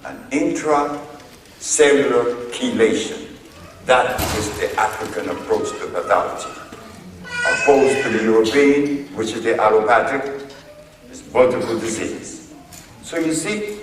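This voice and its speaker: A man giving a storytelling lecture to an audience, slow and deliberate as he recounts his exchanges in court. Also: medium pitch, a little hiss or hum. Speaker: speaker addressing an audience. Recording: echoey hall, voice from far off.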